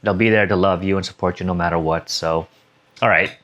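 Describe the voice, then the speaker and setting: A man's voice: low voice, steady tone, a little fast, fairly bright tone, dull audio. A young man talking casually and emotionally in a personal vlog, rambling and correcting himself as he reflects. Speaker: vlogger.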